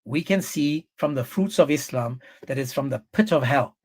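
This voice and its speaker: A man hosting a livestream, talking in a forceful, scornful, repetitive way. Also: mid-range voice, lively intonation, moderate pace, husky. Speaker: livestream host. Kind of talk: heated livestream commentary.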